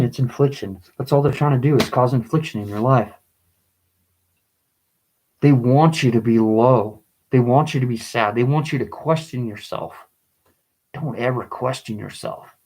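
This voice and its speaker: A man reading and explaining his own poem in a video, pleading and agitated, his voice rising into angry bursts, with halting restarts. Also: medium pitch, a little mellow, poor audio. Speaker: vlogger.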